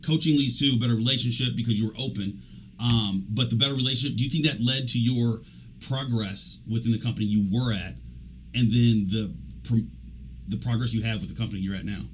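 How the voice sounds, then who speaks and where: A man's voice: mid-range voice, poor audio. Chatty male radio host with faint noise. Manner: chatty, animated, trails off and restarts. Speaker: radio show host and executive coach. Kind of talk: casual conversational interview.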